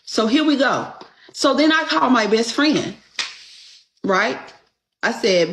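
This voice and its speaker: A woman's voice: on the high side, lively intonation, slow, pauses often, fairly bright tone, slight background noise, rough recording. A woman telling a long personal story in casual, profane talk, acting out quoted dialogue and stopping often to ask "Okay?". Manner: indignant, profane, punctuates with rhetorical "Okay?".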